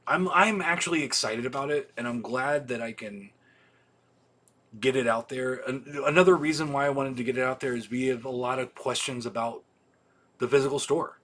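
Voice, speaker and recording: A man chats casually on a livestream. He rambles and restarts, swears often, and fills his pauses with ums. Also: mid-range voice, a bit bright. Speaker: video store owner hosting a weekly livestream.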